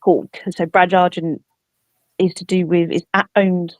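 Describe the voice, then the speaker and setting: A woman's voice: lowish voice, flat delivery, measured pace, dry recording. An English woman speaking as a medium and guest in a casual chat, patiently explaining her ideas in an earnest way. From England. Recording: dull lo-fi line, dry.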